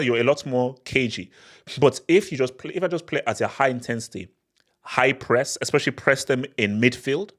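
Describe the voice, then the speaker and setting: Man, casual live Q&A host, middle pitch, frequent restarts, laughs a lot. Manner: animated, repetitive restarts, laughs often. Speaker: football channel host.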